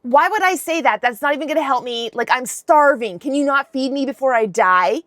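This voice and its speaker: Brief: woman doing a famished, desperate young man, high and whining. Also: a little fast, fairly bright tone, dry recording, studio quality. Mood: pleading. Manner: whining, pleading.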